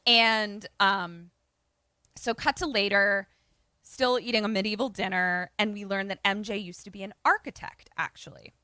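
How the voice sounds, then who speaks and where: A woman co-hosting a podcast casually recaps a movie in a mid-range voice at a moderate pace, with no echo. Her retelling is animated, and she acts out the characters' lines.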